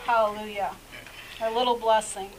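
A woman delivers a sermon in a loose, chatty manner, speaking directly to her congregation and circling back over her words. Her voice sits a little high, with a faint hiss of noise behind it. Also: little pitch movement, moderate pace, poor audio. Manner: conversational, repeats words and restarts, direct address to listeners. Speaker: preacher.

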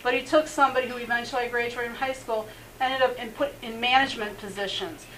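A woman's voice: on the high side, fairly even intonation, fast, a bit bright, a little hiss or hum, rough recording. A middle-aged woman, a messianic rabbi, telling her personal testimony earnestly, laughing often and leaning on "you know". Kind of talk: personal testimony in a faith interview.

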